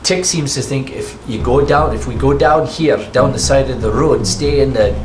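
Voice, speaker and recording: A man's voice: mid-range voice, normal speed. A man running a tabletop game as game master, rambling and restarting his descriptions. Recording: echoey room with faint music.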